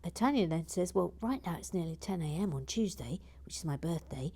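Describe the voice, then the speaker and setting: A woman hosting a live building stream, chatting casually in a soft, often half-whispered voice as she reads out viewer comments. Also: lowish voice, animated, brisk, slightly rough.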